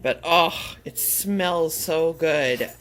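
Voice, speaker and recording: A woman's voice: sits low, very slow, poor audio. A woman chatting casually in a vlog, emotional and rambling with lots of fillers. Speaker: vlogger.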